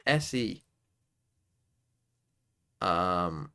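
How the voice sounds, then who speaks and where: A man's voice: low-pitched, lively intonation, very slow, pushed and bright, smooth. A young man streaming live, muttering and swearing his way through geography quiz guesses. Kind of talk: casual live-stream commentary while playing quiz games.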